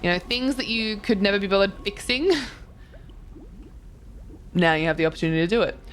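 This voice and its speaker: Bubbly woman streamer, lively pitch. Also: fairly quick, a little hiss or hum. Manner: bubbly, swears casually, reads chat aloud and reacts. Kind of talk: casual live-stream chat while touring game houses.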